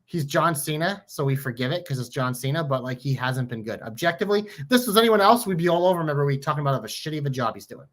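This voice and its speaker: A man co-hosting a podcast, talking about wrestling in an excitable, emphatic way and swearing now and then. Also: fairly high pitch, rapid-fire, hardly any pauses. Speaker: podcast co-host. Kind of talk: casual wrestling chat.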